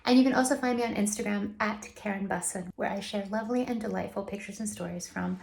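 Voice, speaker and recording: A woman vlogger giving friendly travel tips, chatting casually and slowing down to spell out short phrases. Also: mid-range voice, creaky. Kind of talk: casual talk to camera.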